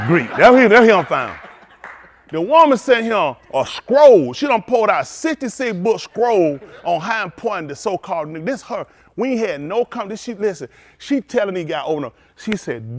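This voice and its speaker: A man preaching a sermon as pastor, telling stories with lively calls out to his congregation. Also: high voice, brisk.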